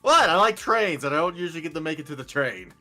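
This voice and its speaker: A man hosting a casual co-op game stream, playful and quick to laugh, with mock-offended teasing. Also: a little high, lively intonation, bright, forceful tone, faint music behind. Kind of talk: casual gameplay chat.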